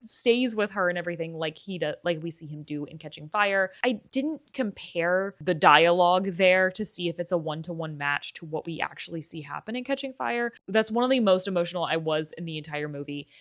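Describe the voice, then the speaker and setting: A woman's voice: fairly low pitch, expressive, fairly quick, few pauses. A young woman casually talking through a book and film comparison, chatty and candid with frequent fillers and the odd swear. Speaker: book vlogger. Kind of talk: casual vlog commentary.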